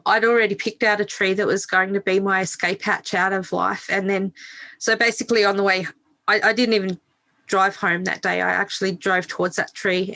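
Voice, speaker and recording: A middle-aged woman tells her own story on a podcast with a bright, forceful edge to her voice. She speaks frankly, swears without hesitation and laughs at herself along the way. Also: mid-range voice. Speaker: podcast guest. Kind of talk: candid interview storytelling.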